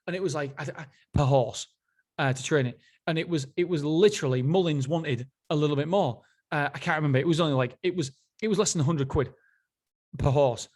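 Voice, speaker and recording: A man's voice: a little high, brisk, darkish tone. A man hosting a casual solo book review, enthusiastic and rambling, often restarting his sentences. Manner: enthusiastic, rambling, self-interrupting. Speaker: podcast host.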